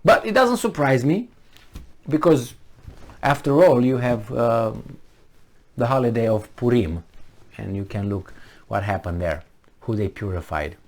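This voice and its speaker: Male vlog host, solo commentary, animated pitch, pushy rhetorical questions, restarts often. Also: measured pace, pauses often. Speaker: channel host.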